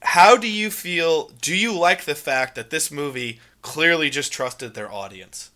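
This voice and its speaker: A young man with a bright, forward voice co-hosts a casual movie podcast. He talks in long, emphatic runs, animated and quick to press his points. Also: a little high. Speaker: podcast co-host.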